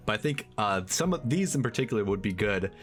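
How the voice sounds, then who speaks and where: A man hosting a casual video-call chat, relaxed and encouraging as he runs a game of impressions. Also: fairly low pitch, fairly quick, soft background music. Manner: easygoing, encouraging, steers the segment. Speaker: podcast host.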